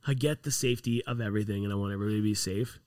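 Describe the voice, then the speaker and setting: A man who works on props for a TV set, chatting casually and telling profane, animated stories full of acted-out quotes. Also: fairly low pitch, rapid-fire, clean tone, dry recording, studio quality. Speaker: props crew member on a TV set. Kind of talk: casual chat.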